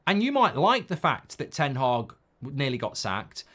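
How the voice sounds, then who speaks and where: A man's voice: medium pitch, very animated, a little slow, fairly bright tone. A man hosting a live football watchalong, talking bluntly and reacting to the game while reading viewer comments.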